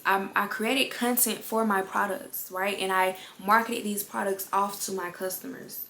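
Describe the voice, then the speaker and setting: A woman's voice: mid-range voice, fairly bright tone. A woman giving a casual motivational talk to her viewers, chatty and direct, often calling the listener "girl" and repeating words for emphasis. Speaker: vlogger. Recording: echoey room with faint ambient noise.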